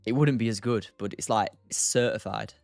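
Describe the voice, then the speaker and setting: A man's voice: fairly low pitch, fairly quick, gravelly, darkish tone, no echo, soft background music. A young man from England hosting a live trading stream, chatting casually, answering chat by name and laughing often. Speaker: livestream day trader host.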